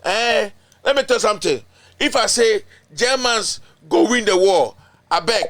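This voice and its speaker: Speaking at a measured pace, a Ghanaian man hosting a political commentary program sounds high, expressive, and a bit bright. He comes across as indignant and emphatic, using repetition and local-language chants.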